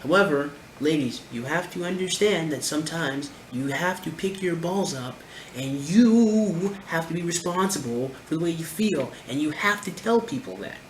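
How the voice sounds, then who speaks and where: A man's voice: fairly high pitch, animated, normal speed. A man giving reaction commentary in an emphatic, lecturing way, repeating his points. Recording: roomy echo, faint background noise.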